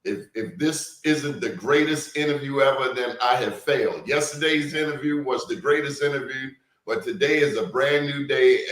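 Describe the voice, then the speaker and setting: A man hosting an interview, talking in an emphatic, deliberate way and repeating words for stress. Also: mid-range voice, fairly bright tone. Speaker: interview host. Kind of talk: hard-hitting interview. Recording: roomy echo.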